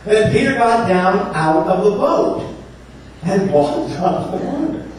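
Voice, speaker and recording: A man preaching a sermon, telling the story in an animated, humorous way and acting out voices. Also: sits high, takes it slowly. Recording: echoey room from far off, faint noise.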